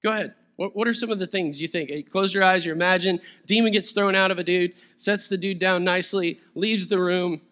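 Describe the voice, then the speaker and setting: High, bright-voiced male preacher. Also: steady tone, brisk, hardly any pauses. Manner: conversational and playful, chuckles as he preaches. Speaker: pastor. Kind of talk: sermon.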